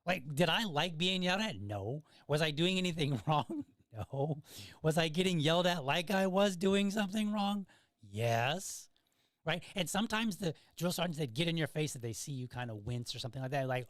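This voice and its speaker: A man's voice: on the high side, animated, normal speed, fairly bright tone, dry recording, studio quality. A middle-aged man hosting a podcast, telling stories in a casual monologue and often checking in with "right?". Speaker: podcast host.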